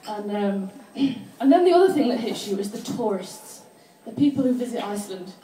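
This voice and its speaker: A woman with a high voice performs stand-up at a live venue, laughing often between lines. Her voice carries in an echoey room and sounds distant from the microphone. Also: lively intonation, normal speed, mellow, slight background noise. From England. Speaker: stand-up comedian. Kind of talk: stand-up comedy set.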